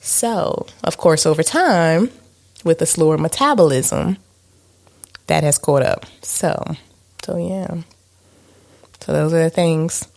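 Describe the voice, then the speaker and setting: A woman's voice: low voice, lively intonation, slow, gravelly, pauses often, darkish tone. A woman co-hosting a podcast in a casual chat, candid and self-mocking, with many fillers. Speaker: podcast co-host.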